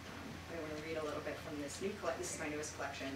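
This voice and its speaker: A woman poet giving an expressive poetry reading in a bookshop, her loudness swinging dramatically between lines. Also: low-pitched, very fast. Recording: roomy and distant with background noise.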